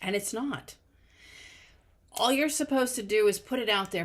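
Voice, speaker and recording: A middle-aged woman hosting a podcast, telling personal stories in an earnest, casual spiritual talk with lively quoted asides. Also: medium pitch, moderate pace. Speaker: podcast host.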